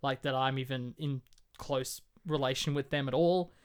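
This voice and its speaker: A man co-hosting a film podcast in casual chat, telling stories with animated delivery. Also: medium pitch, normal speed, clean tone. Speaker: podcast co-host.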